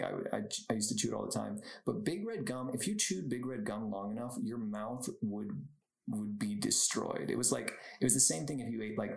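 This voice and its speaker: A young man with a low, gravelly voice hosts a solo podcast, chatting loosely and wandering off on tangents. He laughs a lot as he talks. The room around him is echoey. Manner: rambling, goes off on tangents, laughs often. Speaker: podcast host. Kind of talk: casual solo podcast chat.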